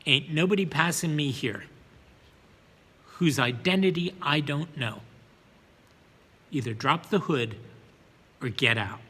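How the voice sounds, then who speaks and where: A man voicing a gruff, suspicious prison guard captain who barks his orders. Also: on the high side, animated, takes it slowly, pauses often, a bit bright, in a large hall, full character voice. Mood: commanding. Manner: barking, commanding.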